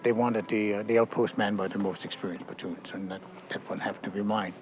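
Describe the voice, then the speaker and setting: An older man, a war veteran, recounting his memories outdoors in a halting way, with many fillers and restarts. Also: on the low side, steady tone, music in the background.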